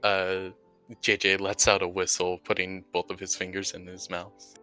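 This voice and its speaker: A man describing his character's actions in a tabletop role-play, with frequent "uh" pauses. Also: low voice, monotone, sharp tone, faint music behind. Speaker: tabletop game player.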